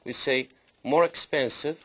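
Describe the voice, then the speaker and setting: A man who speaks Kurdish natively, teaching English grammar by slowly repeating and drilling word forms. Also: medium pitch, a bit bright, husky. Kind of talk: language lesson.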